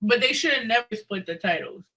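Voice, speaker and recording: A woman co-hosting a wrestling podcast, chiming in with excitable reactions and jokey asides. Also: on the high side, brisk, rough recording. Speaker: podcast co-host. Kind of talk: casual wrestling chat.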